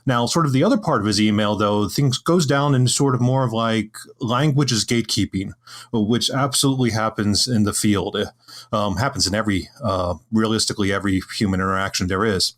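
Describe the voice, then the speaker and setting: Low-voiced man, halting speech. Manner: hesitant, many restarts and fillers. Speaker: podcast panelist. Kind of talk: casual podcast discussion.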